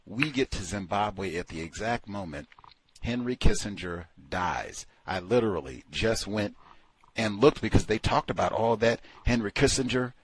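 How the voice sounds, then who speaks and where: A man casually talking through a book he is reading, animated and full of rhetorical questions. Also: lowish voice, breathy edge, no room sound. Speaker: book commentator. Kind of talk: casual spoken book review.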